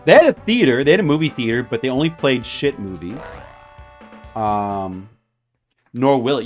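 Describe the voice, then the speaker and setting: A man's voice: mid-range voice, animated, normal speed, long pauses, faint music behind. A man live-streaming a retro puzzle game, chatting playfully and rambling to a viewer while he plays. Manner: playful, rambling, jokingly addresses a viewer by name.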